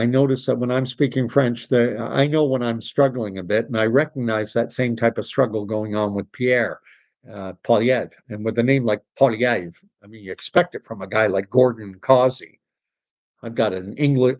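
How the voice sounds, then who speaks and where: A man's voice: mid-range voice, darkish tone, no room sound. A man from Canada hosting a casual livestream, reading viewer comments and rambling with frequent restarts. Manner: rambling, self-correcting, reads comments aloud. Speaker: livestream host.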